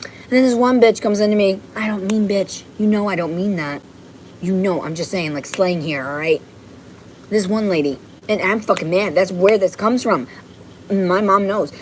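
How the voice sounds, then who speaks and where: A woman's voice: mid-range voice, moderate pace, slight background noise, poor audio. A woman on a rambling livestream from her home, ranting and swearing in an agitated way. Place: home, indoors.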